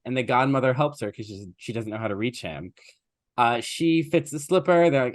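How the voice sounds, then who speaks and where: In a clean, dry studio recording, a male podcast co-host with a mid-range voice recounts an old story at a moderate pace. His delivery is relaxed and conversational, with lots of fillers and digressions.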